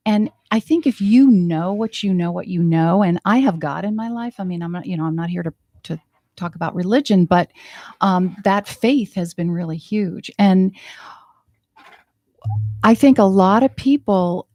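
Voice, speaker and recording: A woman's voice: fairly low pitch, moderate pace, a little mellow, no echo. A woman speaking as a life coach guest in an interview, earnest and full of fillers and restarts. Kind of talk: casual interview chat.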